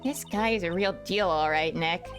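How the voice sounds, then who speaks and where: A woman voicing an excitable young female sidekick in an eager, bouncy way. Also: fairly low pitch, moderate pace, soft background music, natural voice.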